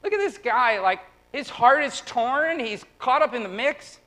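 A man in his thirties preaching a lively, conversational sermon, acting out quotes and turning quiet and tender at personal moments. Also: very high-pitched, measured pace, low-quality recording. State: close to tears. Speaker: pastor.

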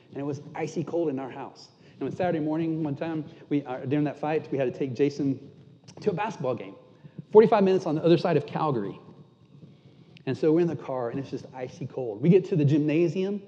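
A man preaching a sermon and telling a candid, self-deprecating story. At tender moments he drops almost to a hush. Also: fairly high pitch, fast talker. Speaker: pastor. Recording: muffled sound with long hall reverb.

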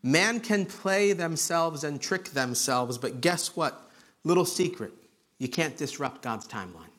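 Guy preaching a sermon, earnest and chatty, kinda higher voice, goes quiet to make a point. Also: expressive, a little slow. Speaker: pastor. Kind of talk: expository sermon.

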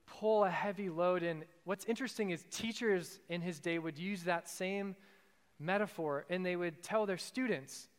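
A man with a high, smooth, resonant voice delivers an earnest sermon, repeating key lines for emphasis. His words ring out with a long reverb trailing behind them. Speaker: pastor.

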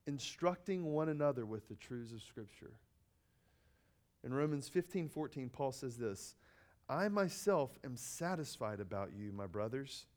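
A man giving an earnest sermon-style teaching, often repeating key phrases and pausing with ums and uhs. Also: fairly high pitch, darkish tone.

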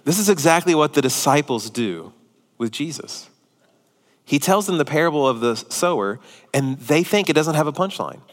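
A man in his thirties, a pastor preaching a sermon with humorous storytelling and lively shifts in loudness. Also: on the high side. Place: church hall. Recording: reverberant church hall.

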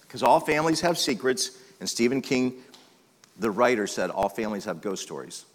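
A preacher in a reverberant hall. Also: male voice. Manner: conversational preaching, dropping to a low murmur then rising for emphasis. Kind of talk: sermon. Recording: long reverb of a large hall.

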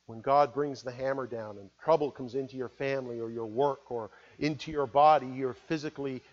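A man preaching a sermon, earnest, moving between loud appeals and hushed, quiet words. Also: medium pitch, steady tone, fairly quick, muffled recording. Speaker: pastor.

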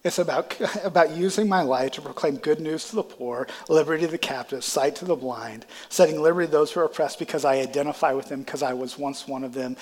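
A male pastor with a high-leaning, darkish voice delivers a sermon briskly, barely pausing, his words trailing off in the long reverb of a church sanctuary. His sinuses are congested, giving him a stuffy sound, and he works up to impassioned climaxes.

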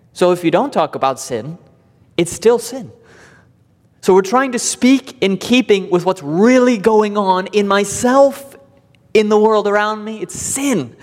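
A man preaching a sermon to his church, emphatic and deliberate, repeating key words for weight. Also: sits high, big-room sound. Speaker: pastor. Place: church sanctuary.

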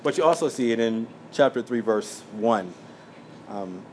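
A man teaching a sermon from his notes, speaking plainly with frequent fillers and quick asides. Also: medium pitch, lively intonation, a little mellow, a little hiss or hum. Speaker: pastor.

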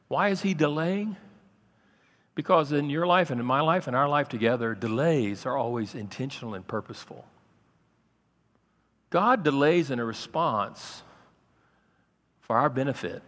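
Man preaching in a reverberant hall. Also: mid-range voice. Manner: preaching with sudden loud raised passages and quiet asides. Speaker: pastor. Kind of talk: sermon.

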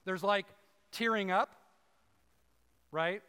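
Male pastor, casual preaching with asides to the room, high voice, reverberant church. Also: animated, a little slow, pauses often, sharp tone, smooth. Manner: conversational, asides to the congregation. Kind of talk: sermon. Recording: long hall reverb.

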